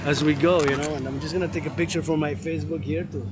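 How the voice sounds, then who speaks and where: Man from Quebec, vlogging outdoors on a phone; slightly high voice, rambling and preachy, repeats himself. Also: fairly even intonation, quick pace, noisy background. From Quebec, Canada. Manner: repetitive, impassioned, preachy. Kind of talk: rambling outdoor vlog monologue. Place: outdoors, moving around a city.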